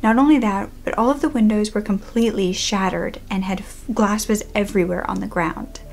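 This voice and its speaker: A young woman telling a true-crime story from her childhood to camera in a casual, animated way, sometimes dropping to a hushed whisper at tense moments. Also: medium pitch, fairly quick, gravelly, soft background music. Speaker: YouTuber.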